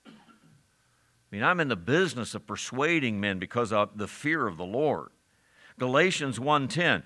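A man's voice: medium pitch, very animated, a little slow, sharp tone. A man preaching a sermon as a pastor, emphatic and direct, asking his listeners rhetorical questions.

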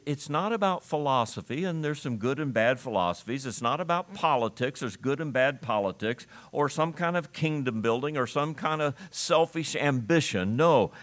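A man preaching an expository sermon at an ordinary middle pitch. He talks emphatically and slows down hard on the words he wants to land. When he reads scripture, he uses its old-fashioned wording. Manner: emphatic, slows down to stress key phrases.

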